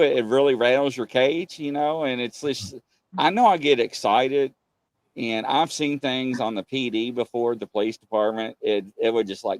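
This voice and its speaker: A man hosting a paranormal show, telling a story in a casual, animated way, his voice jumping high when excited. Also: no room sound. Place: studio.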